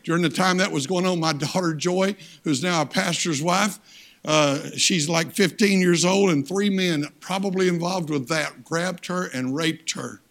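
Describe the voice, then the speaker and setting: Older man, high-pitched voice, guest preacher, plain-spoken storytelling sermon. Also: moderate pace, a bit bright. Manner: plain-spoken, folksy storytelling with emphatic turns. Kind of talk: sermon with personal stories.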